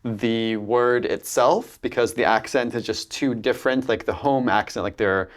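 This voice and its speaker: A man with a Californian American accent, an accent coach talking casually in an interview, animated, with many fillers and restarts. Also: mid-range voice, moderate pace.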